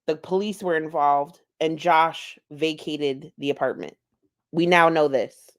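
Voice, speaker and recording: A woman's voice: low voice, a little slow. A woman giving casual, profane, gossipy commentary over video clips. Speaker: commentary YouTuber.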